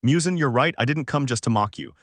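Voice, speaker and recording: A man reading the lines of a cold, contemptuous male demon king in an even, unhurried voice, recorded dry and close. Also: medium pitch, no echo, natural voice.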